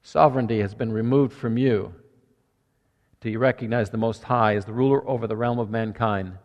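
A man's voice: mid-range voice, steady tone, fairly quick, darkish tone, big-room sound. A man preaching a sermon as pastor, earnest and conversational, working through numbered points.

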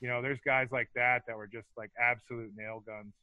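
A man's voice: medium pitch, little pitch movement, a little fast, sharp tone, no room sound. A middle-aged man, a former hockey fighter, telling rambling, profane stories as a podcast guest and laughing as he goes. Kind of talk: casual storytelling interview. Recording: dull lo-fi dry sound.

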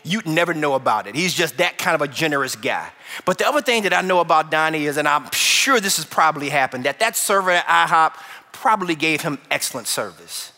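A pastor from Chicago preaching a sermon, telling stories in an animated way and acting out voices. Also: male voice, fairly high pitch, brisk. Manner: animated storytelling, acts out voices. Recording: long hall reverb.

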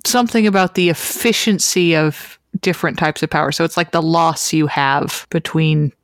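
A woman's voice: low-pitched, steady tone, moderate pace, no room sound, clean studio sound. A woman on a comedy podcast, guessing answers casually and joking.

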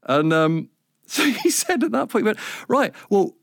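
A man's voice: high voice, very animated, moderate pace, gravelly, a bit bright, dry recording. Guy, middle-aged, rambling chatty self-mocking story, dry close mic. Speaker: radio presenter guest. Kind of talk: casual storytelling interview.

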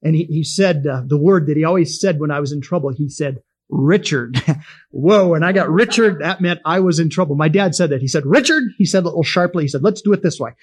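Husky-voiced folksy male Bible teacher. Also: on the high side, fast. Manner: homespun, chuckling, conversational storyteller.

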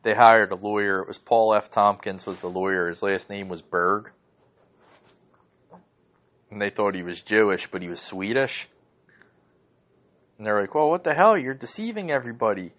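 Low-voiced guy ranting on his home podcast, swears a ton, rambles with lots of likes and uhs. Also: little pitch movement, a little slow, long pauses, a bit bright. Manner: heated, profane, rambling with many fillers. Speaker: podcast host. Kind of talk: casual rant.

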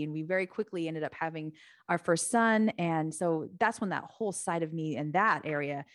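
A woman's voice: sits low, normal speed, no room sound. Chatty woman telling her story, dry sound. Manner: animated, chatty, acts out quoted voices. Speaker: podcast guest, author and Bible teacher. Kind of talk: casual storytelling.

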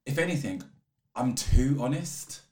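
A man's voice: mid-range voice, expressive, a little slow, a little mellow, echoey room. A young man in a casual podcast chat, blunt and crude, laughing easily. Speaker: podcast co-host.

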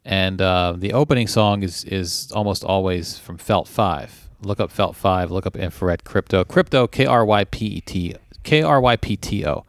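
A man's voice: low-pitched, moderate pace, few pauses, no room sound, studio quality. A man hosting a casual podcast, reading news stories aloud and joking about them in a laid-back way. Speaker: podcast host.

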